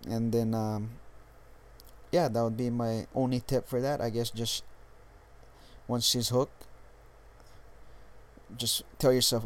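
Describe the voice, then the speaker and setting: A young man from Hawaii who speaks with a Californian accent, talking to the camera in a casual vlog. His voice sits at an ordinary middle pitch, and he is laid-back and profane, stalling and restarting his sentences as he goes. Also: flat delivery, takes it slowly, pauses often. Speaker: dating coach vlogger.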